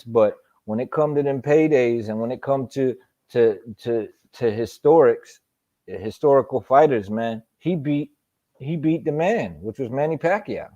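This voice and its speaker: A man's voice: medium pitch, mellow. A man hosting a live boxing talk stream, talking casually and profanely with lots of slang and repetition. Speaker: boxing talk show host. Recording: dull lo-fi stream audio.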